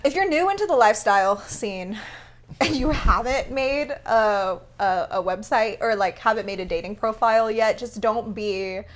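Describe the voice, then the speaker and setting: A woman co-hosting a podcast in casual chat, bubbly and quick to laugh. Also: a little high. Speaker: podcast co-host.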